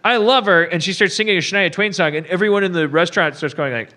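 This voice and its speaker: A man in his forties, a podcast host, delivering a profane, animated comedic movie rant with bursts of mock-outraged shouting. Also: on the high side, fast talker. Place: live stage show before an audience.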